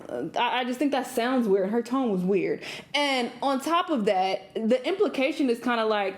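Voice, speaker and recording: A woman's voice: fairly high pitch, moderate pace. Blunt, laughing young woman reacting. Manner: blunt, swearing, laughs often, mimics others. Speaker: reaction video host. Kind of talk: casual reaction commentary.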